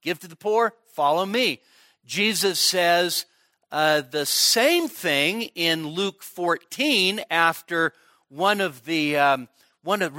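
Slow, bright-voiced male pastor preaching. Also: sits high, dry recording, clean studio sound. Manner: conversational, checks in with the congregation. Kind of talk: expository sermon. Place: church midweek service.

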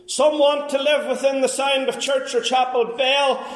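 A man preaching a fervent sermon as pastor, swinging between quiet and raised passages. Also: very high voice, flat delivery, moderate pace, roomy sound. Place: church.

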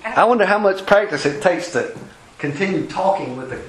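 A man's voice: high voice, expressive, normal speed, noisy background. A man preaching a folksy sermon, acting out quotes and laughing between points.

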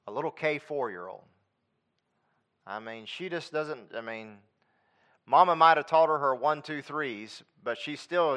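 A man preaching a sermon with emphatic, repetitive phrasing, dropping into quiet conversational asides. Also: medium pitch, animated, a little slow, smooth.

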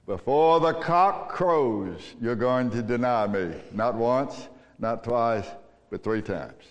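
A man preaching in a reverberant hall, quoting a gentle teacher speaking calmly to his followers. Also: medium pitch, slow, highs cut off, voice pushed down. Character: gentle, calm male teacher speaking to disciples.

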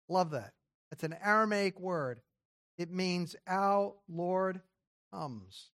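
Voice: medium pitch, a bit bright. A preacher giving an expository sermon, reading scripture aloud and then explaining it in casual spoken phrasing with rhetorical questions. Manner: casual spoken phrasing with occasional throat clearing.

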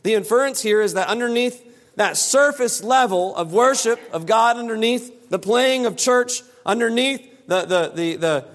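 A man's voice: very high-pitched, fairly bright tone. A man preaching an expository sermon, emphatic and given to repeating phrases for stress. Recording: long hall reverb.

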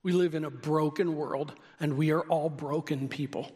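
A man preaching a sermon in a lively way, sometimes raising his voice to a shout for key lines. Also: a little high, moderate pace, husky. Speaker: pastor. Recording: long hall reverb.

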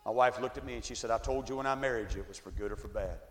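A man in his forties giving a testimony sermon, swinging from quiet storytelling to shouted climaxes, recorded in an echoey church hall. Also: mid-range voice, very fast. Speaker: evangelist. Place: church sanctuary.

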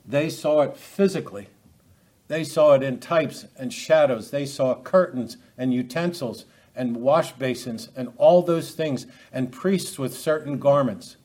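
A man's voice: mid-range voice, unhurried, a little mellow. A man preaching an expository sermon, talking unscripted with frequent restarts and rhetorical questions to his listeners.

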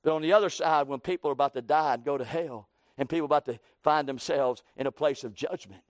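A man preaching a sermon, building to loud emphatic runs and dropping low, with folksy plain phrasing. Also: fast talker, no echo, clean studio sound. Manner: preaching with swelling emphasis and sudden drops.

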